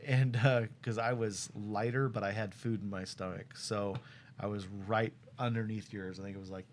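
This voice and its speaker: A young man casually telling a story to a friend, animated and laughing often as he acts out what people said. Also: on the low side, normal speed, slight background noise. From Tucson, Arizona.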